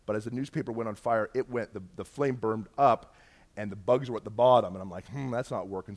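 A middle-aged man from Canada, telling a personal testimony as a story and acting out the dialogue with jumps in pitch and loudness. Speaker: speaker sharing a personal testimony.

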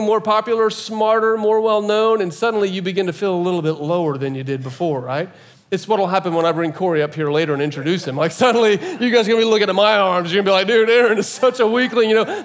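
Animated preacher man, higher-pitched voice. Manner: animated, rising to loud emphatic peaks; conversational with jokes to the congregation. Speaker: pastor. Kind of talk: sermon.

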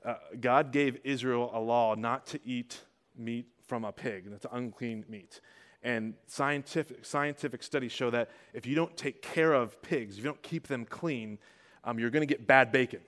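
A male pastor preaching a casual, conversational sermon, asking rhetorical questions and getting louder to stress his points. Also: mid-range voice, normal speed. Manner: rises in volume when stressing points.

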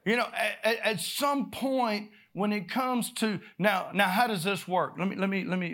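Man, preacher, sermon storytelling, animated, repetitive, loud-to-soft swings, slightly high voice. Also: normal speed, hardly any pauses.

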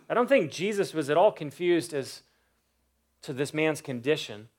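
A man preaching a sermon, earnest, with pauses and rhetorical questions. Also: on the high side, lively intonation, fairly bright tone.

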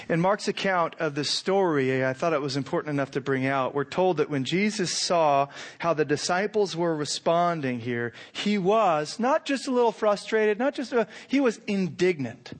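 A middle-aged man preaching a sermon, animated, acting out imagined lines with rising intensity. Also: a little high, moderate pace. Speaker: pastor.

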